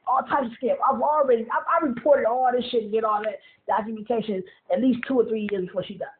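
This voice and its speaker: A man's voice: very high-pitched, a little hiss or hum. A man ranting in a casual monologue, profane and rambling, often repeating himself and laughing between points. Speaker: vlogger. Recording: tinny phone-like audio.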